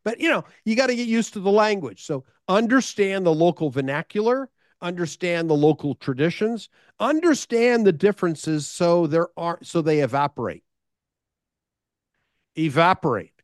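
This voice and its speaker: A man's voice: high voice, animated, normal speed, no echo, studio quality. A middle-aged American man, a sales speaker, telling stories in a conversation with repeated words and rhetorical questions. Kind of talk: storytelling in a conversation.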